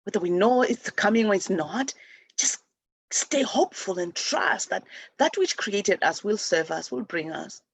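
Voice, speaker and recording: A woman's voice: medium pitch, animated, measured pace, vocal fry, a little hiss or hum. A woman from Zimbabwe hosting a spiritual talk show, speaking earnestly and rambling with many restarts. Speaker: host.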